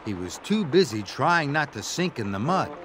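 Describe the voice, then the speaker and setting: A man narrating a children's storybook aloud in an expressive, sing-song way. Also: medium pitch, moderate pace. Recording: read-aloud over background music. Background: music.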